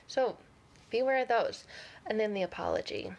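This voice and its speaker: A woman's voice: fairly high pitch, moderate pace. A woman vlogger talking casually to camera, candid and sarcastic, often laughing.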